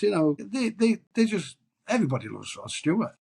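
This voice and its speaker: Bloke, husky voice, bit high, chatty storyteller doing an interview, keeps repeating himself. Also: male voice, expressive, brisk, hardly any pauses, a little mellow. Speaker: tribute singer. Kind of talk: interview answers.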